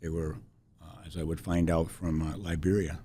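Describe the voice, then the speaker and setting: Deep husky man in his sixties. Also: level tone, warm tone, no room sound. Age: 60s. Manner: halting, many restarts. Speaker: podcast guest. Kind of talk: reflective interview storytelling.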